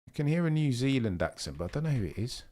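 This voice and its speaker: A man's voice: mid-range voice, sing-song, very fast, a little mellow. A young man hosting a live watchalong stream, chatting casually and answering viewers' messages. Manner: chatty, reads chat messages aloud and answers them. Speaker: livestream host.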